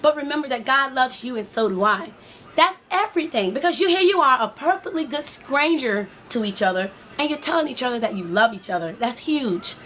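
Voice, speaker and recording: A woman's voice: high-pitched, animated, brisk, a bit bright, slight background noise. A woman life coach giving a preachy, motivational talk to women, speaking straight to her viewers and repeating her points.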